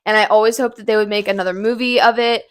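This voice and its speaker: A young woman vlogging from her home kitchen, gushing about a book in a rambling, excited casual chat. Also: medium pitch, fast.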